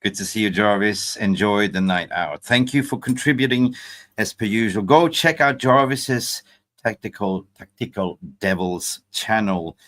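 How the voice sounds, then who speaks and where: Animated, chatty football show host. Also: male voice, lowish voice, measured pace. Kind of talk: live fan show chat.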